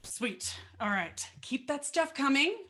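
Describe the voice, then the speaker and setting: A woman's voice: sits high, animated, slow pace, pushed and bright. A woman teaching fiddle in a casual online lesson, bubbly and chatty with playful asides, heard over a video call.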